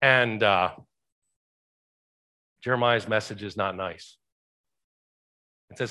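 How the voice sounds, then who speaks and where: A man's voice: on the low side, takes it slowly, pauses often, sharp tone. A pastor giving a conversational sermon, asking the congregation rhetorical questions and shifting his emphasis often.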